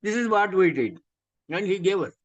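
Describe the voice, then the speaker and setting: A man's voice: high voice, lively intonation, moderate pace. A man with an Indian English accent gives an emphatic spiritual lecture over a video call. He repeats his points and asks rhetorical questions. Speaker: scripture teacher. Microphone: video call microphone. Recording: dull, muffled video call audio.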